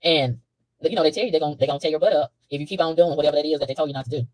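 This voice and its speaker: A woman talking to camera in a casual spiritual monologue from a room, animated and preachy, laughing often and repeating words. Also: sits low, rapid-fire, dry recording, poor audio. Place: hotel room.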